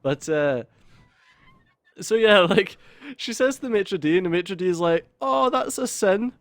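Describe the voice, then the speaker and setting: A man's voice: high-pitched, animated, moderate pace, no echo. A young man hosting a let's play, telling a story in a casual, sweary way and laughing through it. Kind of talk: casual storytelling over gameplay.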